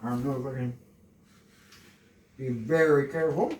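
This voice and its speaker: A man from Canada, chatting calmly and softly to the camera while cooking in his home kitchen, rambling off into asides. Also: medium pitch. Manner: deliberately soft and calm, rambling asides. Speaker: cooking vlogger. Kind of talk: casual cooking chat to camera. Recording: echoey kitchen, mic from far off.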